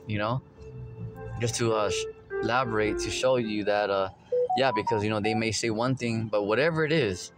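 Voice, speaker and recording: A man giving an informal religious talk, rambling with many filler words and quoting scripture. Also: fairly low pitch. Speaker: preacher.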